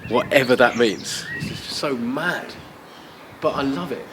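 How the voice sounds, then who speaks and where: A man's voice: medium pitch, a little slow, background noise. A young English man, a singer, hosting a casual travel vlog and telling stories in an upbeat, chatty way. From England. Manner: upbeat, chatty, loose storytelling. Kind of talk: casual vlog and documentary narration. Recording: loud music bed behind the voice.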